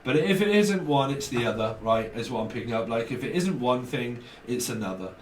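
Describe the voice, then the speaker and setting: A man's voice: medium pitch, animated, a little fast, distant mic, slight background noise. Man reading tarot in an echoey room. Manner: acts out exchanges with slang, laughs often, swears. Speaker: tarot reader. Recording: echoey room, voice a little off-mic.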